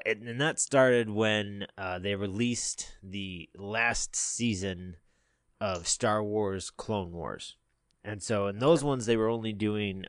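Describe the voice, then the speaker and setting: A man's voice: lowish voice, a bit bright, smooth, dry recording, clean studio sound. A man chatting casually as a podcast co-host, telling a long story full of fillers, restarts and easy laughs. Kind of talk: casual chat.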